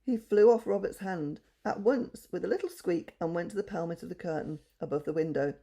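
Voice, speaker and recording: Low gravelly woman storyteller. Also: fairly quick, dark tone. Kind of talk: reading a children's story aloud.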